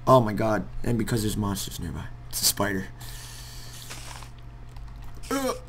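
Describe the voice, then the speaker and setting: A young man vlogging over gameplay at his computer, talking in a rambling, hesitant way and bursting into loud cursing now and then. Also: fairly low pitch, wildly swooping pitch, unhurried, slight background noise. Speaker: gaming vlogger. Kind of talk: casual heartfelt talk over gameplay.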